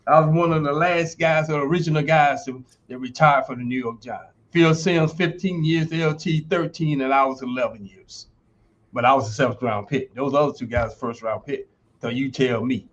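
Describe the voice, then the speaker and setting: A man's voice: medium pitch, steady tone, moderate pace. Emphatic man in his sixties, dull audio. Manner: emphatic, motivational, folksy. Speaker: guest, retired football player and university lecturer. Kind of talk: podcast interview storytelling.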